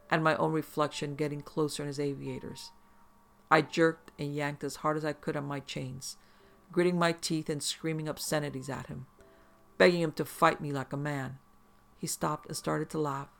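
A man's voice: on the high side, creaky. A man narrating a first-person horror story in an intense, profane, vivid way.

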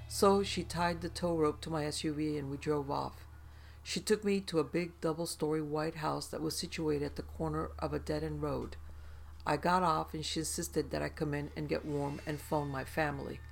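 A storyteller giving a steady, even reading of first-person tales, including a spooky one. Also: medium pitch, gravelly, a little hiss or hum.

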